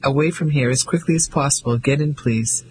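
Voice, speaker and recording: A man voicing a brisk young English lady who speaks in clipped, firm tones. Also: medium pitch, background noise, lightly acted.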